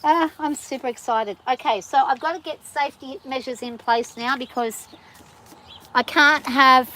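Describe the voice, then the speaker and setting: A woman vlogging casually on a farm, gushing excitedly and using baby talk with her animals. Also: high-pitched, unhurried, slight background noise. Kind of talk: casual vlog, talking to animals and viewers.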